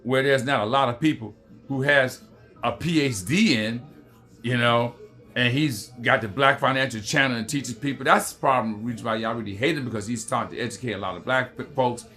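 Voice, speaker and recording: A man's voice: mid-range voice, fairly quick, pushed and bright. Heated, profane American man ranting. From United States. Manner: heated, profane, repeats "you know". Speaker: commentary host. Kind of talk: political commentary rant.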